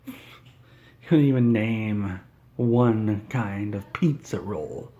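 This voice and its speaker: A man's voice: fairly low pitch, takes it slowly, warm tone, highs cut off. A man doing an in-character comedy monologue, ranting in an indignant, whiny, self-important way.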